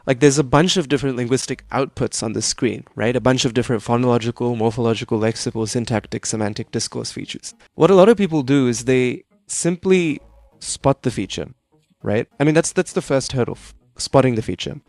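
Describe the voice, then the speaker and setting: A man's voice: mid-range voice, brisk, darkish tone, no echo. A young adult man tutoring a student one-on-one over a video call, explaining at length and tagging his sentences with "right?".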